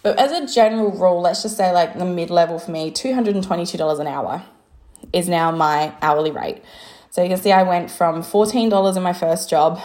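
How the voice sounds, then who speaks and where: Woman, 30s, low-ish voice; candid coach vlogging, swears freely, rambles with "like". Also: mellow. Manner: chatty, swears freely, lots of "like" and laughs. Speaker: business coach and designer. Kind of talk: casual monologue to camera.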